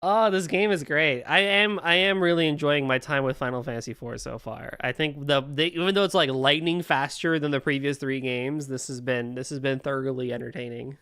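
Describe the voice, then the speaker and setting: A man's voice: mid-range voice, fairly even intonation, fairly quick, hardly any pauses, bright, forceful tone, smooth, dry recording, studio quality. A man streaming a game and chatting casually, laughing and reading the on-screen text aloud. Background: faint guitar game music.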